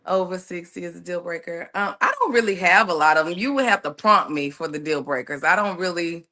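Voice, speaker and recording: A woman in her thirties answering dating questions slowly and hesitantly, thinking aloud. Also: lowish voice, bright, forceful tone. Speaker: interviewee on a dating show clip.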